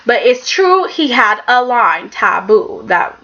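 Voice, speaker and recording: Animated chatty woman, bright voice. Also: fairly high pitch, takes it slowly. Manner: chatty and animated, with frequent filler words and reactions. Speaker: soap opera episode reviewer. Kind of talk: casual spoken review. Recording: dull lo-fi recording.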